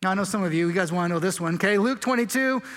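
A man's voice: high voice, rapid-fire, a bit bright. A man preaching a sermon as pastor, joking and casual, stumbling over words and restarting often. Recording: long hall reverb.

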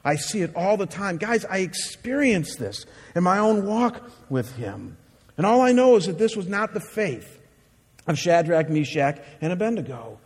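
High-voiced preaching man, reverberant hall. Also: sing-song, normal speed, husky. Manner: earnest, emphatic preaching with rhetorical questions. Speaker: pastor. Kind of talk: sermon.

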